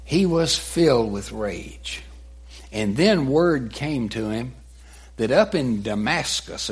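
Slow, husky male preacher. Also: medium pitch. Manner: dramatic, retelling with voiced quotes. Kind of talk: sermon storytelling.

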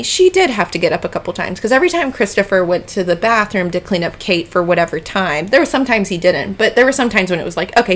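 A woman tells a story to her listeners, chatty and animated. Her voice sits at an ordinary middle pitch, and she keeps calling the audience y'all as she talks. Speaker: podcast co-host. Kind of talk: casual storytelling chat.

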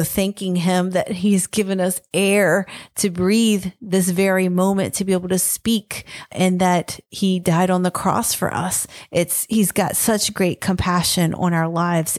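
A woman's voice: mid-range voice, darkish tone, no room sound, clean studio sound. Earnest woman teaching scripture. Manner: earnest, retells scripture in plain words with fillers. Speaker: podcast co-host teaching on scripture. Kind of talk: devotional Bible teaching.

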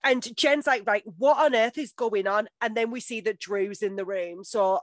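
A woman co-hosting a casual recap podcast, sweary and quick to laugh. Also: medium pitch, no echo, studio quality. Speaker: podcast co-host.

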